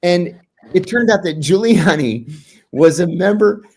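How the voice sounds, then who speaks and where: A middle-aged American man with a slightly raised pitch talks casually as an interview guest. He tells an anecdote and puts on the quoted voices with lively jumps. He keeps the tone loose and conversational throughout. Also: unhurried. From United States. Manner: animated, acts out quoted dialogue with sudden pitch jumps. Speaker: guest, former intelligence officer.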